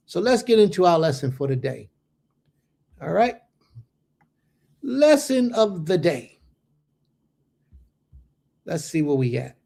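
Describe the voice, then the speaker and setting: With a high-leaning, sing-song voice, this Bible teacher speaks slowly, with vocal fry, long pauses and a warm tone. He's giving a laid-back livestream lesson, talking directly to viewers in an informal, slangy manner.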